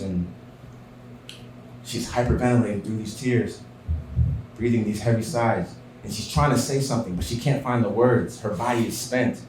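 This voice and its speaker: A man telling a personal story on stage at a live show, earnest and dropping to a hushed voice in tender moments. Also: mid-range voice, slight background noise. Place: small theater stage. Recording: roomy live theater sound.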